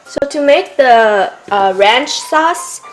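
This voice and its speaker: Slow-talking woman in an echoey kitchen. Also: sits high, lively intonation, distant mic, faint music behind. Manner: slow, chatty, enthusiastic food tasting. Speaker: home cook vlogger. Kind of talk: casual cooking vlog. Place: home kitchen.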